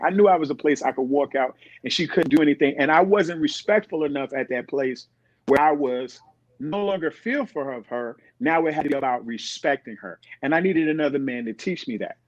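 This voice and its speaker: With a brisk pace and a voice that's a little high, a middle-aged podcast guest tells animated, casual stories, playing the voices of the people he quotes. The recording is dry and dull.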